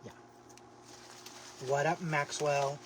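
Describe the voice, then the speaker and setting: A man's voice: fairly high pitch, extremely slow, far from the mic. Sassy chatty man livestreaming. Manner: chatty, sassy and expressive, with frequent exclamations. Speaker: livestream host making a craft basket. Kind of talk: casual livestream chat with viewers. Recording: steady background noise.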